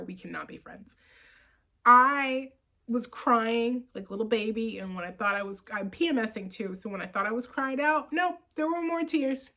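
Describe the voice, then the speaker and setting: A woman hosting a knitting podcast, chatting casually about her yarn purchases in an excitable, rambling way with frequent laughs. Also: fairly high pitch, gravelly, poor audio.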